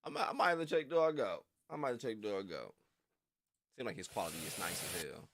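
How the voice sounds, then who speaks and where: A man's voice: lowish voice, very animated, quick pace, creaky, fairly bright tone, slight background noise. A young man rambling casually on a livestream, full of slang and frequent laughter. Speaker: reaction streamer.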